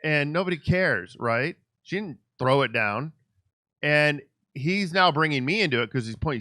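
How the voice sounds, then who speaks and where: A man hosting a podcast interview, telling a story with lively acted-out dialogue. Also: fairly high pitch, normal speed, no room sound, studio quality. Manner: animated storyteller who acts out quoted dialogue. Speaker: podcast host. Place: Los Angeles.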